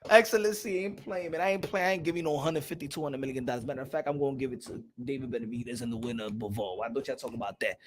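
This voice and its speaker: A man's voice: mid-range voice, steady tone, rapid-fire, few pauses. A man hosting a casual boxing live stream, talking loosely in slang and muttering to himself while he checks who is on.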